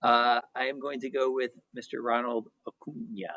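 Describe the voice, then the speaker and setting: A man's voice: medium pitch, level tone, normal speed, pushed and bright, no room sound. Man with a dull lo-fi sound. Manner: hesitant, many restarts and fillers. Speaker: podcast co-host. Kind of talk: casual sports chat.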